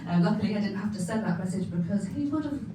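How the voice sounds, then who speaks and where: This young woman from England, a stand-up comedian on a club stage, talks quickly with an expressive, medium-pitched voice. Chatty and self-mocking, she laughs a lot as she acts out her relatives. The recording is far off and echoey, carrying a faint hum.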